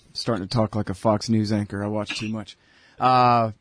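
A man's voice: mid-range voice, steady tone, moderate pace, dry recording. Male host, casual and crude, wanders off mid-thought, dead-dry studio mic. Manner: blunt, profane, rambling. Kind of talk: casual political talk show. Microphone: headphones and studio mic.

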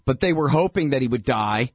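A man's voice: mid-range voice, animated, a little fast, slightly rough, no room sound. A male radio host giving blunt, heated political commentary in a conversational way, with frequent fillers.

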